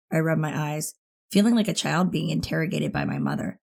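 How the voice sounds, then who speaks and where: A woman narrating a first-person teen thriller audiobook in an expressive, intimate way. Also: low-pitched, fairly quick, gravelly, breathy edge.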